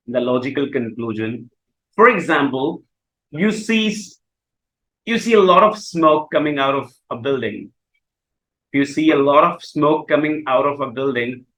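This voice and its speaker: A man's voice: medium pitch, a bit bright, low-quality recording. A man whose first language is Urdu, explaining English grammar in a lesson and often repeating and rephrasing himself. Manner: repeats and rephrases himself, slow deliberate examples. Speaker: English teacher.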